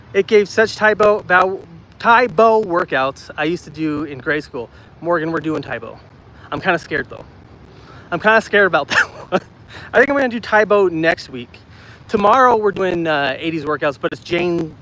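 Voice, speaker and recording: A man's voice: high voice, normal speed, bright, forceful tone, poor audio. A man in his thirties hosting a casual walking livestream in a city park, chatting with viewers and reading their comments aloud from a handheld phone. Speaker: livestream host. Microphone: phone held while walking.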